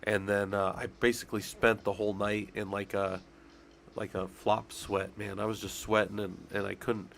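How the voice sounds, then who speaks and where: Low gravelly congested male streamer. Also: flat delivery, moderate pace, a little hiss or hum. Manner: profane, rambling, talks to chat. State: congested and sick. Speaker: streamer talking through job requirements. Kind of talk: casual live-stream chat.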